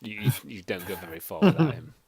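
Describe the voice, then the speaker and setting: A man running a tabletop role-playing game as game master, relaxed and joking, often repeating words as he thinks. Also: medium pitch, quick pace, gravelly, a crowd in the background. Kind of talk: casual tabletop game narration.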